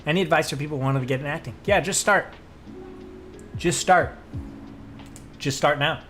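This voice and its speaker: American guy streaming, fairly high voice, swears a lot, rants loud over faint music. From United States. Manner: profane, ranting, gets loud and drawn-out when worked up. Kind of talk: casual live-stream chat.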